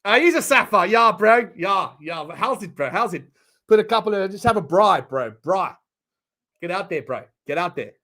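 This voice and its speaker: A man's voice: sits high, lively intonation, normal speed, sharp tone, pitched above the performer's own voice, full character voice. A man voicing a jovial South African man with a clumsy, exaggerated put-on South African accent. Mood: jokey.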